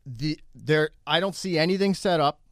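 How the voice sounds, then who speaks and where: A man casually telling a story as a guest, animated and acting out what people said, with lots of fillers. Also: a little high, normal speed, no room sound, studio quality. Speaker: comedian guest.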